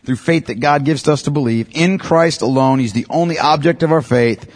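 Man, church teacher, husky voice, emphatic, repeats key lines, keeps asking "okay?". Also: on the high side, brisk. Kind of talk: classroom teaching on evangelism.

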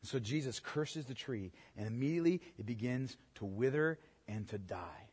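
A man's voice: medium pitch, lively intonation, normal speed, darkish tone, breathy edge. A male pastor preaching a sermon in a church, with a conversational manner and frequent "okay?" check-ins to the congregation. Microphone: microphone. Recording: long hall reverb.

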